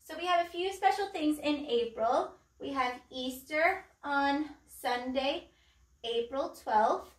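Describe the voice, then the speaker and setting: A woman teaching a pre-K class from home, speaking slowly and clearly, with an encouraging manner and simple songs. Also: sits high, far from the mic, a little hiss or hum. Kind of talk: remote circle-time lesson. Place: room at home. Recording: echoey room, voice away from the mic.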